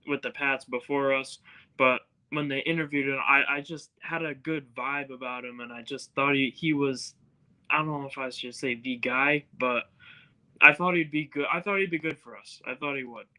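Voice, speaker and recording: A man's voice: mid-range voice, steady tone, moderate pace, pushed and bright, poor audio. A man calling into a podcast over a video call, talking casually and rambling with plenty of hesitations. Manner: rambling, hesitant with many fillers. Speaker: caller on a podcast. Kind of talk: casual chat.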